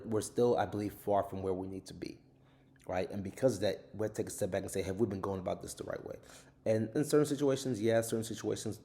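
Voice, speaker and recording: An author hosting a podcast casually and earnestly gives an overview of his own book, often tacking on tag questions. His voice is on the low side, with a dark tone.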